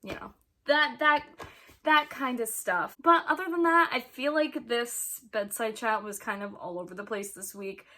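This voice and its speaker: A woman's voice: fairly high pitch, normal speed, bright, forceful tone. A young woman chatting casually to her camera as a vlogger, rambling with many ums and frequent laughs.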